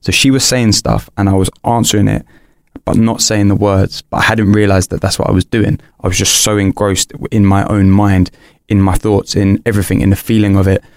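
Young man, raspy fry in a low voice, dry close sound, earnest rambling storytelling, podcast guest. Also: little pitch movement, brisk, dry recording. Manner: earnest, rambling, frequent restarts and "like" fillers. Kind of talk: candid personal storytelling.

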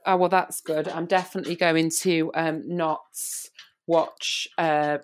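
A woman's voice: low-pitched, little pitch movement, measured pace. A woman co-hosting a podcast in casual, teasing chat, rambling with lots of fillers. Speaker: podcast co-host.

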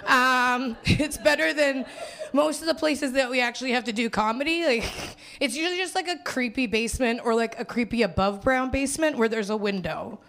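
A young hungover stand-up comedian from Winnipeg, Canada, performs live on a small theater stage. Her voice is high and a bit bright, her pace moderate, and she rambles and mocks herself, laughing through her lines.

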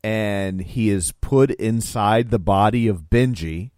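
Low-pitched male podcaster, jokey, dry close sound. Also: slow, darkish tone, no echo. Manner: joking, tells the plot. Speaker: podcast co-host. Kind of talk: casual chat.

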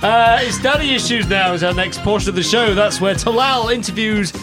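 A man co-hosting a comedy podcast, excitable and tripping over his words. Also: sits high, brisk, over music. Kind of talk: casual comedy banter.

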